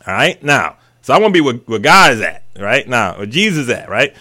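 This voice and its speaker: A male radio host teaching the Bible in an excitable, casual preaching style, breaking into hallelujahs and everyday slang. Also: medium pitch, fairly quick. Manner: excitable, exclaims hallelujah, talks back to the text; casual and colloquial, drops into vernacular.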